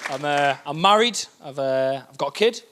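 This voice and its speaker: A man in his thirties with a Geordie accent telling a stand-up story, animated and building to outraged peaks. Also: a little high, moderate pace, a faint crowd. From North East England. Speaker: stand-up comedian. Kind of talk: stand-up comedy set. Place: comedy club stage. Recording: noisy live comedy club recording.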